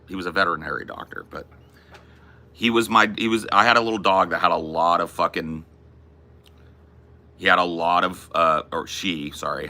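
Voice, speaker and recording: Laid-back profane man, bright voice. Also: sits low, creaky. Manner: profane, laid-back, calls people dude and bro. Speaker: podcast host. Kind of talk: casual chat.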